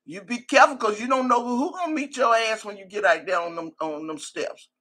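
This livestream host has a fairly high, fairly bright voice and talks a little fast. Casual and teasing, she laughs often and reads out viewer names and comments in quick succession.

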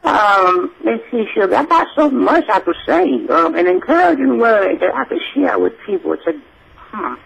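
Man voicing an elderly church grandmother, preachy, gravelly, husky, lively up-and-down pitch. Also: normal speed, heavily acted, rough recording. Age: older. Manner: effusive, preachy, exclaims Lord and Jesus. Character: churchy old Southern grandmother who calls everyone sugar. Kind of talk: comic call-in character bit.

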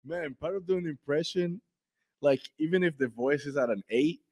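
A man's voice: on the high side, normal speed, a little mellow. A man hosting a reaction video, chatting casually and rating clips with fillers and laughs.

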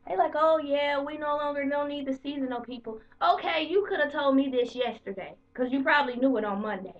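A woman vlogger telling the story of her bad day to camera in a heated, profane, animated way. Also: high-pitched, distant mic, lo-fi sound. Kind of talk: casual storytelling rant to camera.

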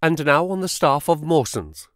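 A man voicing a brisk, smooth-talking male financial agent who speaks quickly and sharply in an audiobook reading. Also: a little high, no echo, studio quality. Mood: flattering. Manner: quick, sharp, flattering and excitable. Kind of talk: audiobook character voice.

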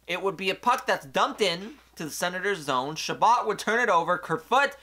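Animated young man recapping a hockey game. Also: high voice, moderate pace. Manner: animated, swings loud and excited then quiet and apologetic. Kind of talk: solo game recap commentary.

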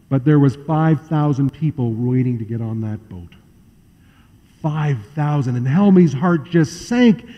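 A male pastor telling a story in a sermon, acting out the voices of its people with shifting loudness and pace. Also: sits high. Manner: acts out quoted voices, varies loudness and pace freely. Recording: muffled hall recording with long reverb.

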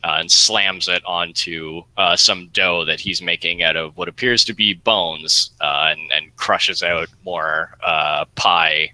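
Deep-voiced man narrating as game master. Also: fairly even intonation, bright, forceful tone, dry recording, low-quality recording. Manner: halting, filler-heavy descriptions.

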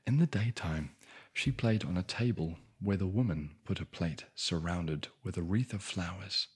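A man's voice: low-pitched, moderate pace, a little mellow, slightly rough. A man telling a bedtime fairy tale in a whispered ASMR style, with dry, sarcastic asides. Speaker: ASMR storyteller.

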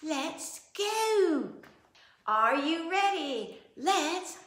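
A woman's voice: very high-pitched, big pitch swings, extremely slow, a bit bright. A woman music teacher leading an upbeat rhythm lesson, cheering and singing out her words and counting beats aloud. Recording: roomy, with instrument playing.

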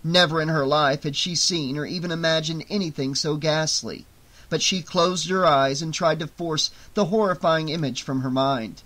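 Bright-voiced male horror audiobook narrator. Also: a little high, moderate pace. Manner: dramatic, tense storytelling.

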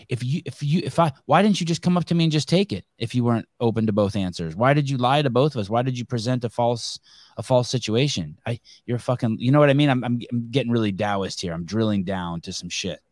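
A man's voice: medium pitch, a little mellow, no echo, clean studio sound. A man hosting a podcast in casual interview chat, who restarts his sentences often and swears freely. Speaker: podcast host.

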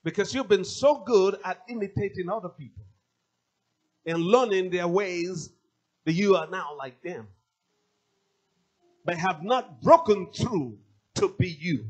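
A male pastor preaching at an unhurried pace, in a high, husky voice. His pitch leaps up and down as he drives home repeated phrases. Faint music plays underneath. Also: expressive. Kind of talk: sermon.

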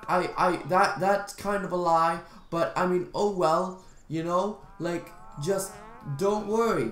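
A young man with a fairly high voice giving loose, jokey gameplay commentary. He rambles and scolds the characters on screen. The sound is roomy and echoing. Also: fairly even intonation, slow, a bit bright, faint music behind. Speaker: gaming channel host. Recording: roomy echo.

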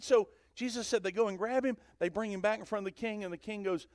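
A male pastor preaching a sermon in church, animated, swinging from loud to hushed and questioning the congregation. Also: high-pitched, fast talker, no room sound, studio quality. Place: church sanctuary.

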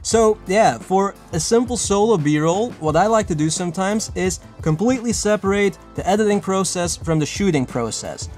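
A man giving casual, lively filmmaking tips to camera, chatty and self-mocking. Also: high-pitched, normal speed, hardly any pauses, soft background music. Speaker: filmmaking vlogger. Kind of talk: casual tutorial talk to camera.

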